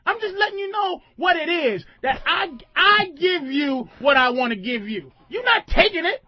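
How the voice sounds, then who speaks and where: A man hosting a radio show, ranting loudly and emphatically, swinging between booming shouts and low mumbles. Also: sing-song, normal speed, lo-fi sound. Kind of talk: loose comedic radio rant.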